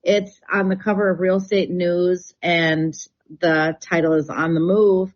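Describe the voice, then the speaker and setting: A woman's voice: fairly low pitch, flat delivery, a little slow. A woman, chatting and telling stories as a radio guest, laughing often. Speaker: real estate agent and radio show guest. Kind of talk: casual radio chat. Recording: dull radio broadcast sound.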